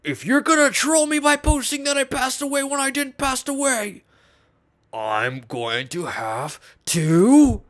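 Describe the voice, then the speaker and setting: A man putting on a voice for a furious balding man of about forty who yells in outrage. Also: big pitch swings, slow pace. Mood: threatening. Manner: shrill, yelling in outrage.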